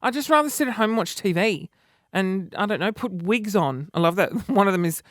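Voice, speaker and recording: Man, 30s, vlogger; high, dramatic, self-deprecating chatter, dry recording. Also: expressive, brisk, fairly bright tone, dry recording. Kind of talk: casual chat to camera.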